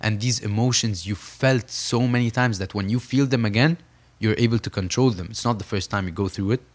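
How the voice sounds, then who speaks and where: Speaking quickly in a lowish voice, a young Saudi man who boxes professionally tells his story as a podcast guest. He is earnest and emphatic, often repeating phrases for stress.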